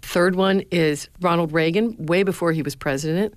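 A low-pitched middle-aged woman tells stories earnestly in an interview. She recorded in a dry, close setting. Her voice lifts when she quotes other people. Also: normal speed, dry recording. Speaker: former speechwriter, university lecturer. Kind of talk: interview answers, storytelling.

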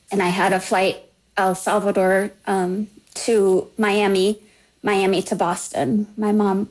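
A middle-aged woman slowly telling a personal story in a halting, heartfelt way. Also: medium pitch, a little mellow, rough recording. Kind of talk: personal story told to a podcast.

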